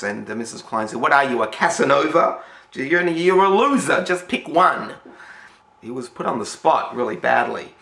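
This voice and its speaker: A man's voice: mid-range voice, creaky, fairly bright tone. A man with an Australian accent telling a story casually, rambling with many fillers and restarts. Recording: roomy echo.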